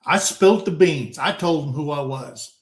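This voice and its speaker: A man's voice: on the high side, a little slow. A man in his sixties telling a story from his youth as host of a casual panel chat over a video call, in a folksy way that keeps calling his listeners guys. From United States. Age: 60s. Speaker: talk show host. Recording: roomy echoing room.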